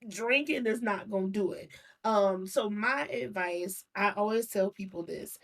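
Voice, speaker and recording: A woman's voice: mid-range voice, measured pace, a bit bright. A young adult woman, a guest, candidly telling a personal story in casual chat, with frequent laughs and restarts.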